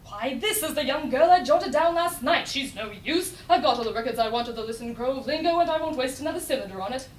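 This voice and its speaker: A woman voicing a brusque, excitable middle-aged male professor, recorded from a distance in an echoey room. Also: high voice, a little hiss or hum. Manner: brisk and bullying. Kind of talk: recitation in a speech competition.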